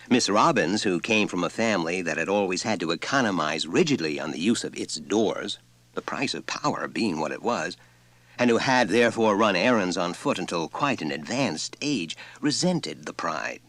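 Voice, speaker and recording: A man narrating a story in an expressive, lively reading. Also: deep voice, normal speed, dry recording. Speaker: audiobook narrator.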